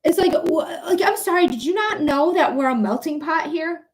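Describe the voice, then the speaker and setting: Brief: woman livestream host, slightly high voice, casual, swears freely, talks straight to her viewers. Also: expressive, moderate pace. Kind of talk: casual livestream chat and ranting.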